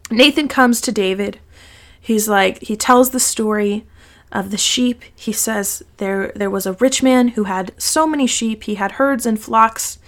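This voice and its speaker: A woman with a somewhat high voice reads scripture aloud in an even, steady way. Between passages she explains it in earnest, conversational talk and often restarts her sentences as she thinks. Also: vocal fry. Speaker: Bible study teacher. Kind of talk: scripture reading and casual commentary.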